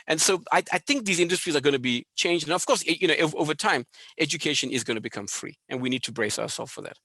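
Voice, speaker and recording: South African man on a video call, quick, eager, slightly high voice. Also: animated, bright, forceful tone, dry recording. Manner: enthusiastic, listing points rapidly. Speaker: guest speaker. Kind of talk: webinar conversation.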